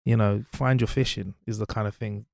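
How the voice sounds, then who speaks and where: A man's voice: lowish voice, fairly even intonation, brisk, gravelly, a little mellow, dry recording, clean studio sound. A man in his twenties, a media presenter and guest, chatting casually and animatedly with many "you know"s. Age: 20s. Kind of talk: casual interview chat and storytelling.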